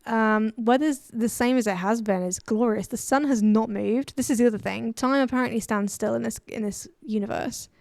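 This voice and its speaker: A woman's voice: fairly high pitch, moderate pace, creaky, hardly any pauses, a little mellow, no room sound. A woman streaming a game, chatting casually, giggling and reading chat aloud, her voice a little worn. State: voice a bit worn.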